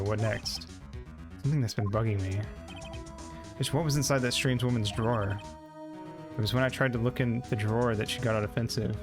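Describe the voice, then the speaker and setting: A man streaming a game, reading dialogue aloud and joking casually, swearing now and then. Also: fairly low pitch.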